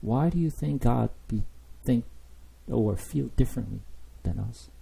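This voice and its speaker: A man's voice: mid-range voice, animated, unhurried, vocal fry, warm tone, slightly rough. A man teaching a Bible study sermon, impassioned, full of rhetorical questions and "you know" fillers.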